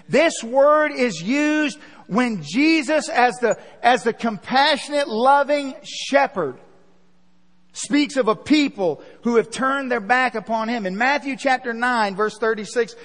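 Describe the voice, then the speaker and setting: A man with a very high-pitched voice preaches to his church, driving points home through repetition. At moments he sinks into a hushed, gentle tone. His words ring out in a long hall reverb. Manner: preaching with emphatic repetition, dropping to a hushed tender voice. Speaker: pastor. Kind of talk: sermon. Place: church sanctuary.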